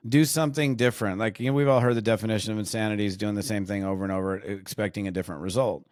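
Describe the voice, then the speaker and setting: Speaking very fast in a lowish voice, this middle-aged American network marketing trainer chats as a podcast guest. He tells animated, rambling stories packed with fillers and false starts, and there's no echo on the recording.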